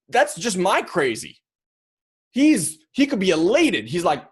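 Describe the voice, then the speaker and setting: A man's voice: high-pitched, a little slow, husky. A man hosting a podcast, talking casually and animatedly about a personal insight and acting out quoted thoughts. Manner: animated, acts out quoted inner voices. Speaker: podcast host. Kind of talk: casual motivational monologue.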